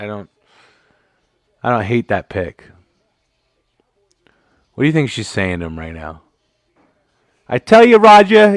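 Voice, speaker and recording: A man's voice: lowish voice, no echo, clean studio sound. A man hosting a casual live sports commentary stream, joking and swearing as he rambles, a bit tipsy from drinks. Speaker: livestream host.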